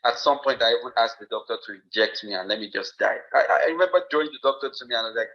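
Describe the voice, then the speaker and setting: A man's voice: mid-range voice, animated, very fast. Nigerian guy talking earnestly on a podcast, lots of um and you know, kinda dull sound. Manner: earnest, reflective, many fillers and restarts. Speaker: podcast guest. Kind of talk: personal story told in conversation.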